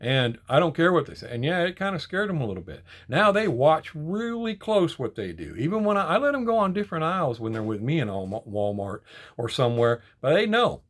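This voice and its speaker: A man's voice: on the high side, sing-song, a little fast. An older man vlogging in a casual, heated, rambling rant, indignant and repeating himself. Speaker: die-cast collecting vlogger. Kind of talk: casual ranting monologue.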